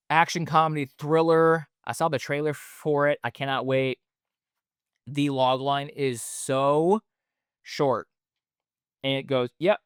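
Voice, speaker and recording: A man's voice: mid-range voice, fairly bright tone, clear, resonant tone, no room sound, studio quality. A man hosting a solo podcast in a casual, rambling way, with lots of fillers and the odd swear word. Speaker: podcast host.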